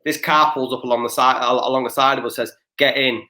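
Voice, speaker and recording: A man's voice: mid-range voice, fairly even intonation, fast, sharp tone. A young man, co-hosting a podcast and telling rambling, sweary stories full of restarts. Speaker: podcast co-host. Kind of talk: casual chat.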